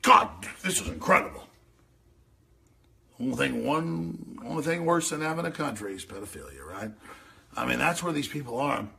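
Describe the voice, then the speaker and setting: A man hosting a radio show, ranting and mocking as he reacts to news clips, with a gravelly voice. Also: lively intonation, moderate pace, pauses often, a bit bright, slight background noise. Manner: ranting, mocking, mimics voices in shrill falsetto. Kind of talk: animated commentary over news clips.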